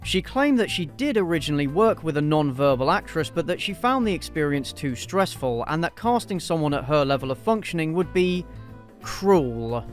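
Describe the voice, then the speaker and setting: A man's voice: fairly high pitch, animated, normal speed, soft background music. A man hosting a scripted commentary review, blunt, sarcastic and openly profane. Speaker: video essay host.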